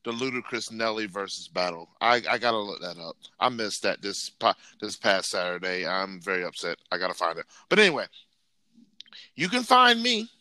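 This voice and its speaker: A man's voice: low voice, a little fast, few pauses, bright, forceful tone, dry recording. A man co-hosting a casual sports podcast, laughing often and spelling out his social media handles. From United States. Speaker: podcast co-host.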